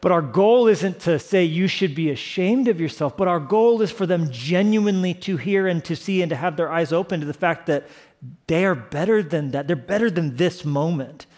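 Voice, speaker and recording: A male pastor delivering a sermon in a slightly higher voice than most men. He preaches with passion, swinging from quiet, earnest moments to emphatic, rising exclamations. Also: expressive, moderate pace. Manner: impassioned, rising to emphatic peaks.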